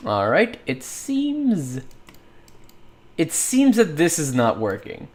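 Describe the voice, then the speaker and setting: Male streamer, casual working chat, animated swoopy pitch, rambling, laughs a lot. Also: slow pace. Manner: animated and rambling, laughs often, thinks aloud. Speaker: livestreamer modeling in 3D software.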